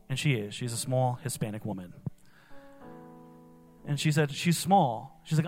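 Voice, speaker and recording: A man's voice: mid-range voice, normal speed, pauses often, long reverb tail, faint music behind. A young man from New Jersey preaching a sermon in a conversational way, with casual fillers. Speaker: pastor. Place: church.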